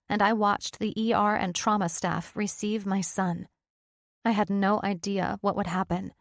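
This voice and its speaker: A woman's voice: mid-range voice, dry recording, studio quality. Woman narrating a first-person audiobook.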